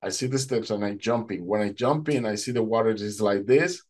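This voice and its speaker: A man's voice: fairly low pitch, a little fast. Man telling a faith testimony. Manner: animated storytelling, acting out quoted speech. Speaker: testimony speaker.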